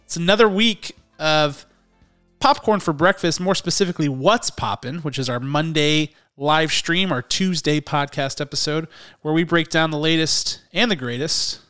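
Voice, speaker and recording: A male podcast host with a slightly high voice chats casually about movie news. He rambles and breaks off his own sentences. Faint music sits under the talk. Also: normal speed, sharp tone, clear, resonant tone. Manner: chatty and rambling, self-interrupting, laughs easily.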